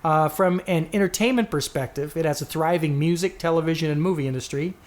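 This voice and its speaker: This podcast co-host has a fairly high-pitched male voice and talks a little fast. He chats casually, rambles, corrects himself as he goes, and reads listener answers aloud.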